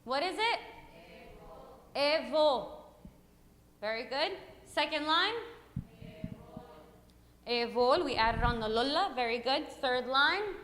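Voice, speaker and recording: A woman teaching a hymn class, upbeat and coaxing, calling out brisk prompts to her students. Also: high voice, expressive, fairly bright tone, a little hiss or hum. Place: church hall classroom. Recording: echoey hall reverb.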